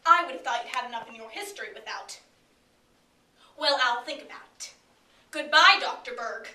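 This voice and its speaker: A young woman acts out a bitter middle-aged mother who mocks and belittles. The voice is high and bright, with a sharp, cutting edge. It is heard from a distant camera in a roomy, echoing space. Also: normal speed. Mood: cold. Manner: sarcastic, cutting, mocking. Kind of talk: solo dramatic interpretation. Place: competition room. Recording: echoey room from far off.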